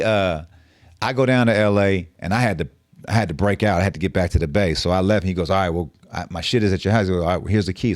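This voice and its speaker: A man's voice: deep voice, no room sound, clean studio sound. A middle-aged man telling a story on a podcast, casual and profane with street slang. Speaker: podcast guest.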